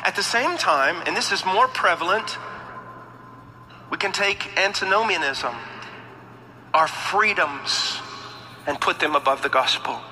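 A man's voice: high-pitched, expressive, measured pace, pauses often, bright, forceful tone. A man preaching a fervent sermon, rising to emphatic peaks, in a church sanctuary. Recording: long hall reverb, faint background noise.

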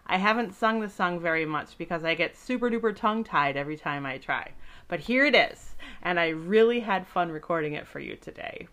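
A woman entertainer speaking gently and warmly to children, telling a friendly story and explaining words simply. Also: fairly low pitch, animated, a little fast.

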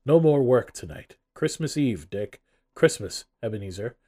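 Guy putting on a loud jovial fat old boss, booming hearty calls, warm tone, audiobook. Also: expressive, normal speed, close to an everyday voice. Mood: jolly. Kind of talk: audiobook reading.

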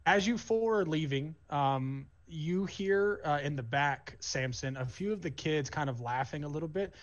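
A man narrating as game master of a tabletop game, casual and halting with many fillers. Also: on the high side, highs cut off.

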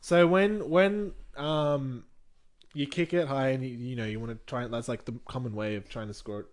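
A young Australian man co-hosting a podcast, animated and quick to laugh in casual chat. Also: mid-range voice. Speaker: podcast co-host.

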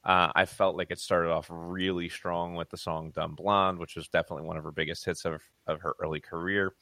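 Man, low voice, podcast co-host, casual rambling chat, restarts, dry close mic. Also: level tone, fairly quick, sharp tone, dry recording. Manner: rambling, lots of fillers and restarts. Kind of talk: casual music review chat.

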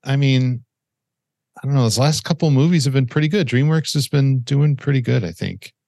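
A man on a casual podcast with a gravelly, creaky voice at middle pitch. He speaks hesitantly and keeps restarting his sentences. The sound is dry and close. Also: moderate pace, a little mellow, dry recording. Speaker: podcast co-host. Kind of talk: casual chat.

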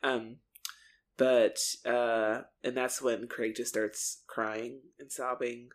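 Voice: medium pitch, level tone, slow. A podcast co-host in casual chat who laughs often and acts out lines from an episode.

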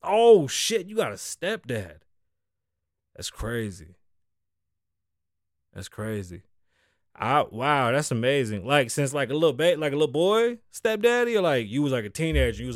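Animated, profane man from the Bronx. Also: mid-range voice, normal speed, dry recording, studio quality. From the Bronx, New York. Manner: profane, riffing, teasing a co-host. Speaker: podcast host. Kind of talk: casual freestyle podcast talk.

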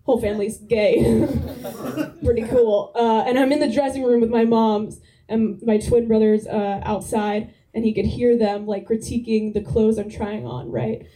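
A young woman works through a stand-up set in a dry, deadpan way, her fairly high voice soft and mellow. She drops "like" all through her lines. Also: a little slow, recorded from a distance, low-quality recording. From New Jersey. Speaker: stand-up comedian. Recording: live club crowd laughter.

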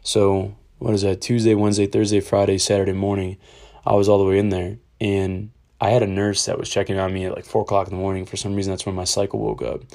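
A man's voice: low-pitched, monotone, fast, warm tone. A young man from Ohio telling a personal story in a rambling, candid, casual way, swearing freely. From Ohio, USA.

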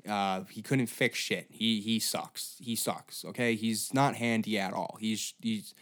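A man's voice: on the low side, steady tone, a little slow, fairly bright tone. A man hosting a comedy podcast, telling a story in a profane, rambling, sarcastic way. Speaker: podcast host.

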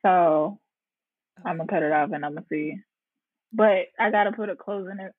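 A woman hosting a podcast in a relaxed, casual chat, laughing easily and using slang. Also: fairly low pitch, normal speed, slightly rough, dry recording, phone-quality sound. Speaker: podcast host.

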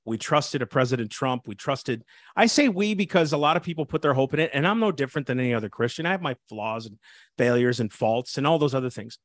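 A man's voice: medium pitch, animated, quick pace, no room sound. A man who is an assistant pastor, speaking fervently and preachily in an interview, often restarting his sentences. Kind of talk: impassioned interview talk.

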